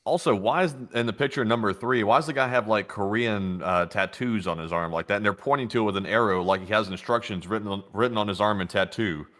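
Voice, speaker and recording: A man's voice: on the low side, fast, few pauses, fairly bright tone. A man co-hosting in casual chat, making laid-back, wry remarks. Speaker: co-host.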